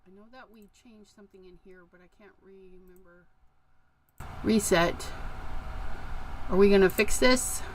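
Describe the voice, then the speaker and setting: A woman's voice: mid-range voice, unhurried, long pauses, a little hiss or hum, poor audio. A woman hosting a casual craft livestream from her craft room, chatting and greeting viewers by name as she works. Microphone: desk microphone with a level meter.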